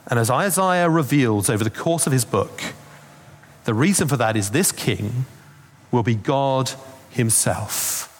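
Preacher with a lively voice. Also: male voice, medium pitch, measured pace. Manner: conversational storytelling with asides. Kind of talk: Christmas sermon. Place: church. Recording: long reverb of a church hall.

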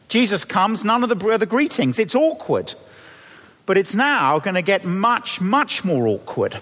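A man, a vicar, preaching a sermon and telling the story with lively acted-out voices. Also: on the high side, in a large hall.

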